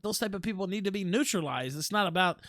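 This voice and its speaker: A Southern American man hosting a livestream talk show. His voice sits high and sounds bright and forceful, and he keeps tossing rhetorical questions at his guest. The recording is dry and close. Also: expressive, fast talker, no echo. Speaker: host. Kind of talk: casual political talk.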